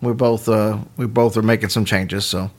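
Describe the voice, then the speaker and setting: A man hosting a podcast, telling a story in casual chat with lively asides and chuckles. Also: fairly low pitch. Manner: animated, quick asides and chuckles. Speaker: podcast host.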